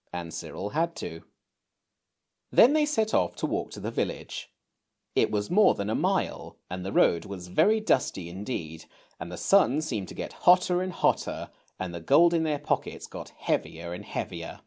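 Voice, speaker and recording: A man narrating a classic children's novel as an audiobook, in an expressive storytelling manner. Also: lowish voice, moderate pace. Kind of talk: scripted narration.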